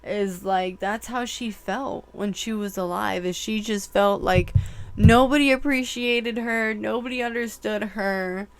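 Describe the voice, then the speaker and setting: A woman tarot reader giving a channeled reading, emotional and halting, full of "like" fillers. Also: mid-range voice, clear, resonant tone.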